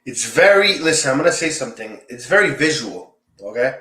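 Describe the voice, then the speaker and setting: A man's voice: mid-range voice, very animated, fairly quick, pushed and bright, reverberant. A man co-hosting a casual podcast, laying out his opinion point by point. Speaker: podcast co-host.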